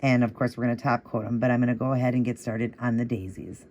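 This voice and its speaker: A man hosting a nail art tutorial, explaining each step in a patient, encouraging way and repeating the moves in a steady rhythm. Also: mid-range voice, fast talker, a little hiss or hum. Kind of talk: casual step-by-step tutorial narration.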